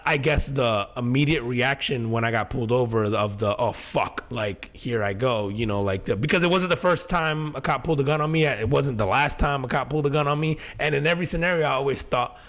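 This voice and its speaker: A middle-aged man spins a story on a podcast, swearing freely and tripping over his own restarts. His voice sits at an ordinary pitch but jumps up and down as he acts out the scene. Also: a little fast, few pauses. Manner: animated, profane, many fillers and restarts. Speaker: podcast co-host. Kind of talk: casual storytelling chat.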